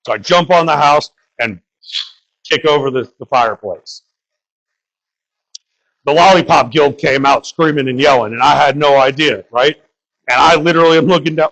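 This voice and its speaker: A man's voice: on the high side, normal speed, pauses often, fairly bright tone, low-quality recording. A young man from the Bronx doing crude, rambling open-mic stand-up and talking to the crowd. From New York (the Bronx). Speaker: stand-up comedian.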